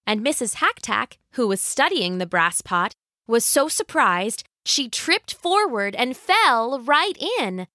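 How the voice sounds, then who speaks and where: Unhurried, sing-song woman storyteller. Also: on the high side, dry recording, clean studio sound. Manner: warm, expressive, playful. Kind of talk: scripted narration of a folk tale.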